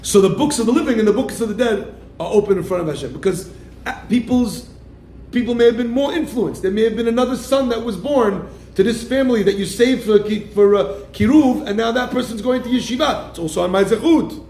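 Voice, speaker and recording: A man's voice: high-pitched, a little fast, a little mellow, slight background noise. A man giving a sermon as a rabbi, speaking animatedly and acting out the people he quotes, often calling his listeners "my friends.". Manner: keeps addressing listeners as "my friends". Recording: echoey room.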